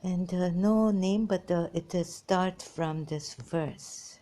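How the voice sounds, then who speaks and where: Woman, non-native English, deep voice, warm mellow tone, rambling emphatic monologue. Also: slow pace. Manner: emphatic, repetitive, swinging between muttering and exclaiming. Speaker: religious commentary channel host. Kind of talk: rambling monologue, reading scripture passages aloud.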